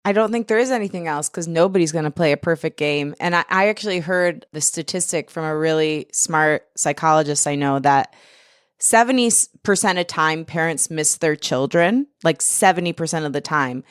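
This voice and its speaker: A woman with a lowish voice hosts a podcast interview. She affirms her guest warmly and laughs easily. The recording is dry and close. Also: moderate pace, clean tone, no room sound. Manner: warm, affirming, laughs readily. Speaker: podcast host. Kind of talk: interview conversation.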